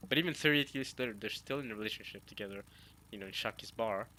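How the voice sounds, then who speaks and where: A young man giving casual, excitable reaction commentary on a manga chapter, slangy and full of restarts. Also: lowish voice, fast talker, slight background noise.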